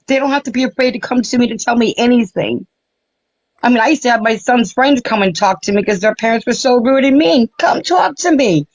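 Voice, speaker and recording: A woman's voice: a little high, brisk, dry recording. Older woman caller, effusive and emotional, dull lo-fi line. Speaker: caller on a live stream. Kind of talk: casual chat. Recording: dull lo-fi stream audio.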